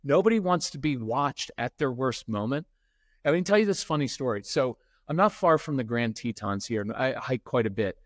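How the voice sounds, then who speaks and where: A medium-pitched, middle-aged man speaks at normal speed as a parenting expert on a podcast. Telling stories in a conversational interview, he animatedly acts out the people involved; the recording is dry and studio quality.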